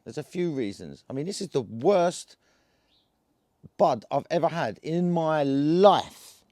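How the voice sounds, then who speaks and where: A cannabis vlogger from England with an Essex accent rambles through a casual story to camera, full of slang and filler and constantly restarting. His voice is somewhat high with a darkish tone, lively intonation, and a slow pace. The sound is dry and close, with no room echo.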